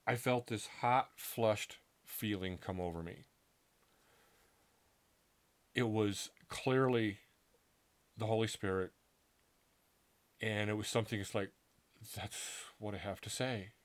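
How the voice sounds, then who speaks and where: A middle-aged man earnestly recounting a personal story in a casual, halting way, acting out what people said to him. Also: fairly low pitch. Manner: earnest, halting, with restarts and acted-out quotes. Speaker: author telling his story.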